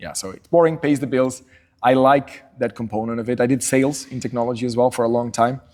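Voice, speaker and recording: A middle-aged Portuguese man, appearing as a podcast guest, tells stories casually and animatedly in a fast, mid-range voice. He acts out quotes by raising his voice, in what is a relaxed storytelling interview.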